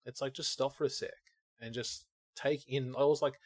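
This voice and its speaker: Speaking at a moderate pace with a medium-pitched, fairly even voice, a man co-hosts a podcast in relaxed conversation. He rambles and acts out what's going through his head, and the recording is dry.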